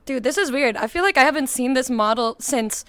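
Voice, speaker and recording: Young woman streamer, high and bright, casual and excitable, giggly, swears. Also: fairly quick, smooth, no echo. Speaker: VTuber streamer. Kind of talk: casual livestream chat. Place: VR chat session on a livestream.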